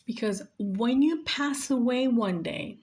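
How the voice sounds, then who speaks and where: Woman in her forties, nurse, heartfelt monologue, earnest, repeats herself for emphasis, slightly high voice. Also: slow pace, a little mellow. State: emotional. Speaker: nurse sharing life advice.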